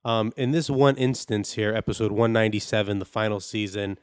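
A man's voice: fairly low pitch, brisk, smooth, no echo, studio quality. A man co-hosting a comedy podcast, posing playfully as a mock-scholarly expert. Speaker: podcast co-host. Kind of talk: casual comedic banter.

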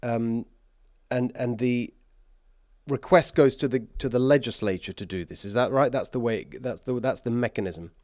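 A man's voice: medium pitch, normal speed, a little mellow, no echo, studio quality. A man with an English accent hosting a political talk show, emphatic and sarcastic, with bursts of mockery and laughter.

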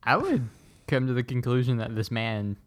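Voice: mid-range voice, sing-song, moderate pace. A podcast co-host chatting casually, asking amused, curious questions. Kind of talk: casual chat.

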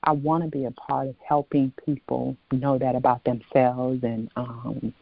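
A woman's voice: very deep voice, little pitch movement, unhurried, vocal fry, dry recording, faint music behind. A woman guest in a casual conversation, reflective and devout, telling a story in a colloquial way with hesitant fillers. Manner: reflective storytelling with religious phrases. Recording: dull lo-fi dry audio.

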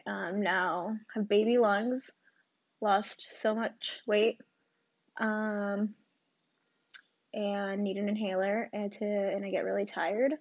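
This is a podcast host, a woman in her twenties, chatting casually and rambling with plenty of ums, likes and curse words. She's still getting over covid, so she coughs and sounds short of breath. Her medium-pitched voice is creaky, and the recording is dry and muffled.

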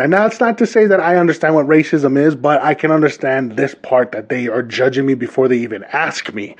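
A man in his thirties from Hawaii, hosting a podcast and telling a story in a casual, animated monologue aimed straight at his listeners. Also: mid-range voice, fairly quick, breathy edge, dull audio. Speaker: podcast host.

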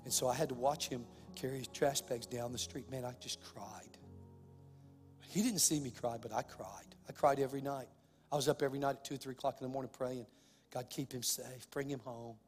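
A man preaching a sermon as pastor, impassioned, swinging between hushed, heavy passages and loud, driving ones. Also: medium pitch, fairly even intonation, a little fast, long reverb tail, soft background music.

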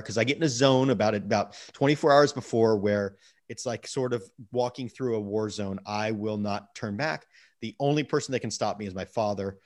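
A middle-aged man telling a long personal story in a casual interview, animated and repeating words as he gets going. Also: medium pitch, fairly quick. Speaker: guest.

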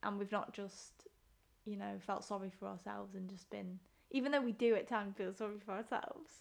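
A woman's voice: medium pitch, steady tone, moderate pace, vocal fry. A woman in her twenties from northern England, co-hosting a podcast in casual chat, teasing and candid. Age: 20s. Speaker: podcast co-host.

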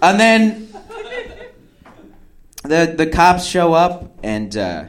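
A middle-aged man tells a stand-up story in a high, light voice. He is dry and wry, and he slips into loud, shouted impressions of the people in his story. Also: very animated, extremely slow. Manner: wry, acts out quotes with shouting and laughter. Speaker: stand-up comedian.

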